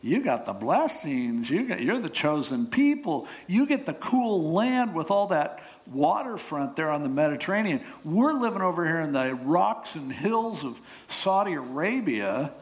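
A man's voice: on the high side, big pitch swings, a little slow, hardly any pauses. Man voicing a sarcastic, resentful clan. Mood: bitter, sarcastic.

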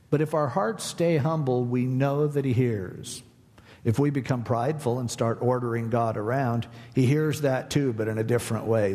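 A man's voice: mid-range voice, gravelly, darkish tone. A man, a pastor, teaching a Bible passage in a casual, conversational way and voicing its lines as plain questions. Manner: paraphrases scripture in a casual, questioning voice. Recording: long hall reverb.

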